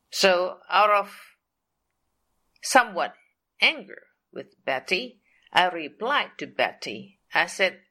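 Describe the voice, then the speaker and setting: An older woman recounts a personal testimony at a very slow, deliberate pace, earnest and repetitive. Her voice is bright and forceful, sitting a little low. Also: very animated. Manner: earnest, repetitive, leans on "of course" and "whatsoever". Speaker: storyteller sharing a faith testimony.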